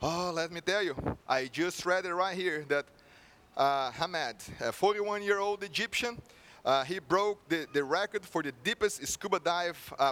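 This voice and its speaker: A man's voice: on the high side, bright, forceful tone. A man voicing an enthusiastic, devout older uncle who eagerly explains something he read.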